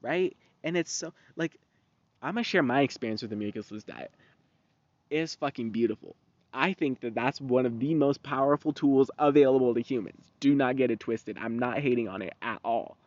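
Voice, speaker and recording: A man's voice: medium pitch, normal speed, no room sound. Rambling, profane young man. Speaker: podcast host. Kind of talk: casual podcast monologue. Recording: dull, dry lo-fi recording.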